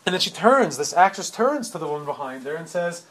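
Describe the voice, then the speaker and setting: A man's voice: a little high, sing-song, brisk, few pauses, a bit bright. A middle-aged man giving a storytelling sermon, retelling events animatedly with frequent restarts and repeated words.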